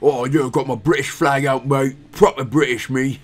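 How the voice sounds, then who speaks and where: A man's voice: mid-range voice, steady tone, normal speed, close to an everyday voice. A man putting on a boastful, over-the-top British patriot bloke as a joke, bragging in an exaggerated way. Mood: mock-proud.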